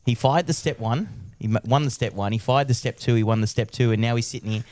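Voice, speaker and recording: Dry-sounding poker commentator. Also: male voice, mid-range voice, quick pace, darkish tone, dry recording. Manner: chatty, teasing co-host.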